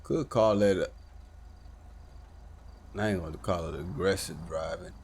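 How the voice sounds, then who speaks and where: A man casually commenting on a live game stream, talking to himself with swearing and sudden loud outbursts. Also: deep voice, a little slow, breathy edge.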